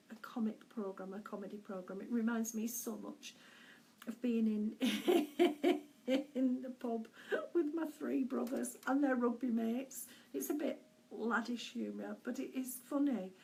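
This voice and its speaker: A middle-aged woman speaks as a spiritual medium in a fairly high voice, taking her time over every phrase. Her delivery is gentle and searching, with soft laughs and small hesitations. A faint hiss sits under the voice. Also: creaky, rough recording. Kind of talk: weekly spiritual message, casual and unscripted.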